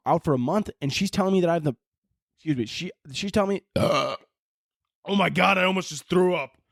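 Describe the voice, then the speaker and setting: A young man hosting a podcast, ranting profanely and swinging between yelling and mumbling. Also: medium pitch, dry recording, clean studio sound. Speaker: podcast host. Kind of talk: casual comedic rant.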